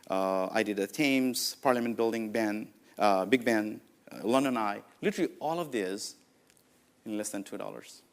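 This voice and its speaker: A man's voice: fairly low pitch, moderate pace. Nepali-accented man giving a keynote. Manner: anecdotal, lively, many "uh, you know" fillers. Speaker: conference speaker. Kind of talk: conference keynote talk.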